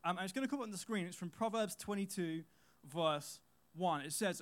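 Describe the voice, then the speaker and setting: A young man in his twenties gives a casual talk to teenagers, telling school stories in a loose, chatty way. His voice sits fairly high, and he leans on fillers and repeats his key lines. He speaks from a stage to a youth audience. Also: fairly quick, a bit bright.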